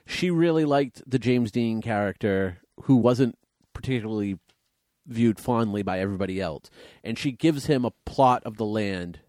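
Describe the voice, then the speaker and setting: A man's voice: lowish voice, lively intonation, moderate pace, a little mellow, dry recording, studio quality. A man co-hosting a casual movie podcast, rambling a little and reading trivia aloud. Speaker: podcast co-host.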